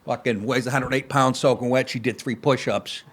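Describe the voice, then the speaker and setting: A man hosting a comedy podcast, ranting in a profane, sarcastic, exasperated way, swinging between loud outbursts and muttered asides. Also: medium pitch, steady tone, normal speed.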